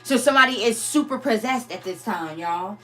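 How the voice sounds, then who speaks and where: A woman talks straight to her viewers in a casual spiritual reading, blunt and heavy on the profanity. Her voice sits a little high. Faint music plays under her. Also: expressive, a little fast, sharp tone. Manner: blunt, profane, laughs often. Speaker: tarot reader.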